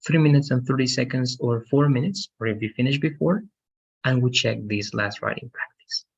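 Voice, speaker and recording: A man's voice: medium pitch, moderate pace, gravelly, husky, highs cut off. A man teaching an English lesson on a video call, explaining patiently and often checking with "right?". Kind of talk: online language lesson.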